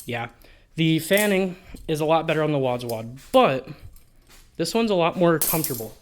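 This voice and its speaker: A man reviewing gear for a casual vlog, speaking in a slightly higher register. He rambles loosely through his thoughts and drops in swear words without a second thought. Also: lively intonation, moderate pace. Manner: rambling, offhand, sprinkled with swearing. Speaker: balisong reviewer.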